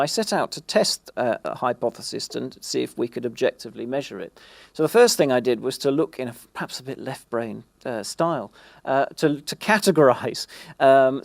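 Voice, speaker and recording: A man presenting at an industry event in a gravelly mid-pitched voice, recorded dry and close. He pauses and restarts often as he walks through his points. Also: no echo. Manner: halting, many fillers and restarts. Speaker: conference speaker. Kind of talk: presentation talk.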